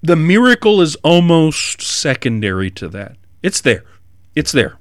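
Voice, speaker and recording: A man preaching an expository sermon in an animated way, rising to emphatic bursts. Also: fairly high pitch, unhurried, dry recording, studio quality.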